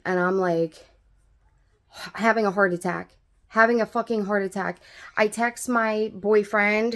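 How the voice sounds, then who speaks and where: A young adult woman telling a story in a casual vlog, rambling with lots of fillers and swearing freely. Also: medium pitch.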